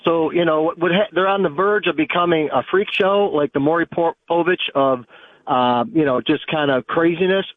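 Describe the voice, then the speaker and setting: A man calling in to a radio show, giving a rambling, halting opinion. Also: on the high side, dry recording. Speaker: caller. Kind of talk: call-in opinion. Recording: tinny phone line.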